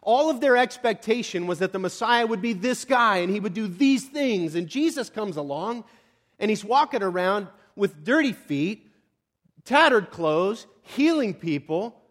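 A man's voice: sits high, expressive, unhurried. A male pastor preaching a sermon, telling the story dramatically with chatty asides and sudden drops to a near whisper. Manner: dramatic storytelling, swinging from hushed to shouting; conversational asides.

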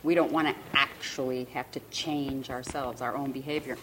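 A woman's voice: a bass voice, steady tone, normal speed, a crowd in the background. A woman in her sixties giving an earnest, emotional personal testimony in a church talk on marriage. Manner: earnest and emotional, quotes others vividly. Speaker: marriage ministry speaker.

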